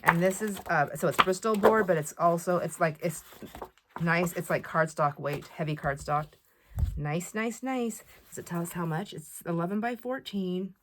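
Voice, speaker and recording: A woman chatting to camera while showing off a craft haul, excitable and full of fillers and asides. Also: lowish voice, normal speed, noisy background. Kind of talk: casual chat to camera.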